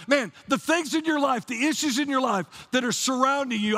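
A man's voice: very high voice, brisk, hardly any pauses, sharp tone, breathy edge. A man preaching a sermon to his church, fervent and casual, repeating "man" and restarting his phrases. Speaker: pastor.

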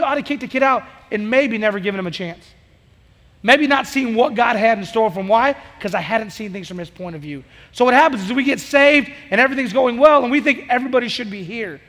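Fast, high-voiced energetic preacher man. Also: big-room sound. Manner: energetic, conversational, acts out dialogue. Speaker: youth pastor. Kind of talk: sermon.

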